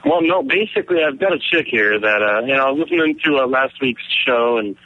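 A man's voice: mid-range voice, sing-song, a little fast, creaky. A male radio caller speaking hesitantly on the phone, full of fillers. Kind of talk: phone-in chat. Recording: dull phone call, faint noise.

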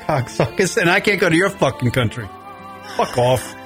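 Profane ranting man, slightly high voice. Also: animated, normal speed, music in the background. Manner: profane, ranting, loud bursts. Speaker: podcast co-host. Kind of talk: casual chat.

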